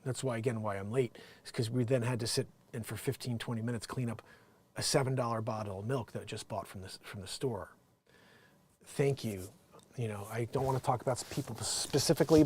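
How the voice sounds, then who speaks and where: A man from New Jersey hosting a show, chatting casually and rambling with many restarts and lively swings. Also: medium pitch, a little hiss or hum. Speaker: show host. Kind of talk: casual commentary.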